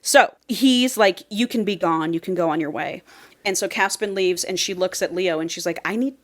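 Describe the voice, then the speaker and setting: A woman's voice: fairly low pitch, moderate pace. A woman co-hosting a podcast, casually retelling a book plot with frank, profane humor. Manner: retells a plot in a chatty way, quoting characters. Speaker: podcast co-host recapping a book. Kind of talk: casual chat.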